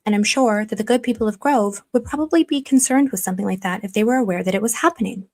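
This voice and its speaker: A woman's voice: medium pitch, quick pace, a little mellow. A woman talking through her investigation in a casual commentary, rambling with restarts and speculative asides.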